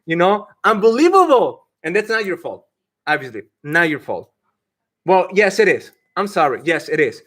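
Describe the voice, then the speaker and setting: A man's voice: high-pitched, big pitch swings, normal speed, a bit bright. A man coaching people on IT careers during a live stream, emphatic, often laughing and acting out mock quotes.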